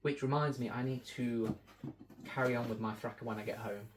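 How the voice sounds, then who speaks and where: A man's voice: medium pitch, steady tone, fairly quick, background noise. A man from the shop staff, chatting casually through an unboxing with rambling, joking asides.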